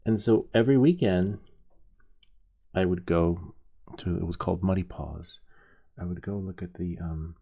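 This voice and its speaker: Man, gravelly low voice, mellow tone, rambling casual storytelling on a live stream. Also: lo-fi sound. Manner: rambling, halting, with many restarts. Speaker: host of a soldering live stream. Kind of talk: casual storytelling while soldering.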